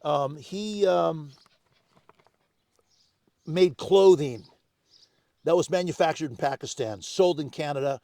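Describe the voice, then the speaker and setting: An older man, the guest, telling animated anecdotes in casual conversation, acting out other people's lines. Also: on the high side, slow, pauses often, no room sound. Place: home on Maui.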